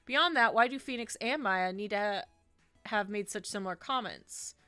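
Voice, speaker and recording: A woman streaming a game from home on a desk microphone, chatting casually and ranting with animated disgust. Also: medium pitch, moderate pace, clean tone, no echo, faint music behind. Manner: animated, says 'ew' and 'icky' with disgust, ranting. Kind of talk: casual gameplay stream chat.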